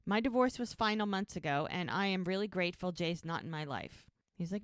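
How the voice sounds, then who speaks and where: A woman's voice: fairly low pitch, brisk, hardly any pauses, clean tone, no room sound, clean studio sound. A woman co-hosting a podcast, recapping a TV episode casually and retelling scenes through quoted dialogue. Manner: retells scenes by quoting characters. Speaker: podcast co-host.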